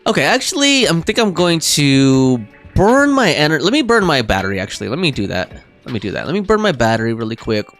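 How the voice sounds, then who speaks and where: A man's voice: on the high side, very animated, quick pace, a bit bright, faint music behind. A young man streaming a game live, chatting casually and rambling with fillers and restarts.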